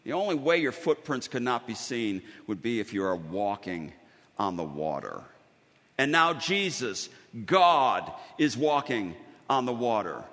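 Animated preacher man in a reverberant hall. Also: medium pitch. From Western New York. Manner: animated storytelling with dramatic pauses. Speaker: pastor. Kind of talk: sermon.

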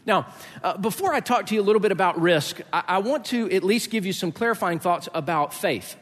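A middle-aged man preaching a sermon, telling a story in lively fashion, acting out the voices and laughing along. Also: high-pitched, a little fast, in a large hall. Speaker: pastor.

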